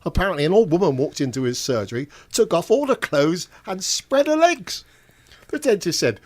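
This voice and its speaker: An older man telling stand-up jokes in a deadpan way, chuckling at his own punchlines. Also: high voice, moderate pace, long pauses. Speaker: stand-up comedian and show compere.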